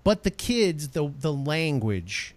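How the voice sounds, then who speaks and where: A man's voice: fairly high pitch, big pitch swings, takes it slowly, no room sound. A middle-aged man co-hosting a podcast, talking animatedly and acting out quotes in exaggerated voices. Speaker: podcast co-host. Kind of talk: casual podcast chat.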